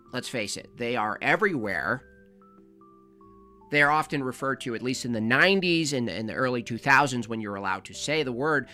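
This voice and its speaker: A man's voice: mid-range voice, pushed and bright. A man hosting a livestream, giving sarcastic, rambling comic commentary. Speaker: livestream host. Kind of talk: comedic live commentary.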